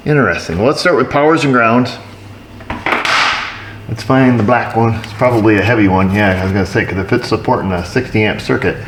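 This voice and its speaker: Here a male auto repair technician talks viewers through diagnosing a truck, casual in tone and sprinkling in dry, joking asides. He speaks a little fast at a fairly low pitch, with background noise and roomy shop echo.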